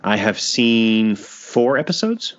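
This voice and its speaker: A man's voice: on the low side, lively intonation, slow, lo-fi sound. A man hosting a podcast in casual chat, laughing often and trailing off into restarts. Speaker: podcast host.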